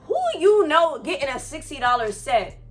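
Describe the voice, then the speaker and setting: A young woman telling a storytime on her vlog, animated and profane, full of slang and fired-up asides. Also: high voice, moderate pace, soft background music. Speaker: vlogger. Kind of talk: casual storytime. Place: Florida.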